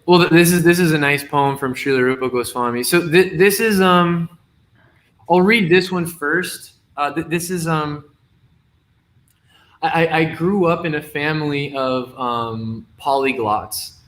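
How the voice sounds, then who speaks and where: A man's voice: a little high, fairly bright tone. Man patiently explaining his wordplay. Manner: explains wordplay carefully, reading slowly. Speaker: guest poet. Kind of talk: casual video-call conversation.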